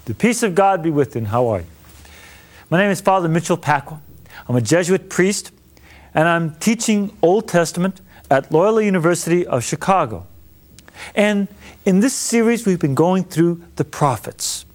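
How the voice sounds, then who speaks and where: A man's voice: high voice, animated, normal speed. A man who is a priest giving a Bible lesson, teaching in an enthusiastic, conversational way.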